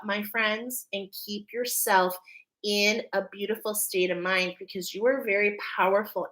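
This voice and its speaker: A woman's voice: medium pitch, bright, forceful tone, rough recording. A woman leading a live oracle card reading, emotional and preacher-like, constantly checking in with her listeners. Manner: emphatic, checks in with "okay?" constantly. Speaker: spiritual card reader.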